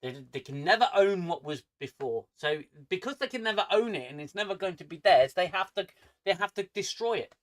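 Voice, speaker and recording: A man's voice: high voice, lively intonation, fairly quick. A man with an angry manner who swears a lot, ranting casually on his livestream from home. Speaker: streamer.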